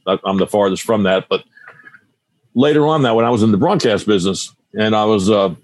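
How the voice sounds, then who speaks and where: A man's voice: on the low side, brisk, no echo. A man in his sixties, a guitar teacher and radio broadcaster, telling stories in a casual interview, rambling and often restarting his sentences.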